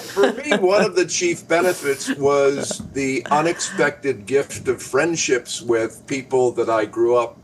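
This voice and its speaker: Man, older, guest, wry quips, mid pitch, casual talk, light noise. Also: animated, poor audio. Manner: wry, joking, quick quips. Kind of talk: casual chat.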